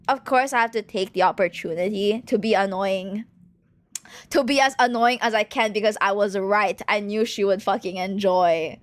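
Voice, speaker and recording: A young woman from China chatting casually on her stream, animated and rambling, with lots of fillers and swearing. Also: medium pitch, normal speed, no room sound. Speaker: VTuber streamer. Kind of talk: casual chat.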